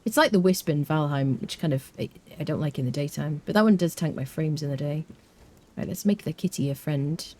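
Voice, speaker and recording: In a low, dark-toned voice, a British woman talks fairly quickly during a live game stream. Her commentary is casual and rambling, packed with fillers, and she responds to her chat along the way.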